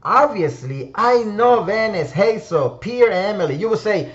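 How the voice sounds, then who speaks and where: A man's voice: sits high, expressive, normal speed, highs cut off. A man hosting a motivational discussion room, reflective and emphatic, speaking to listeners by name. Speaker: host of a word-of-the-week discussion room. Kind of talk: motivational talk.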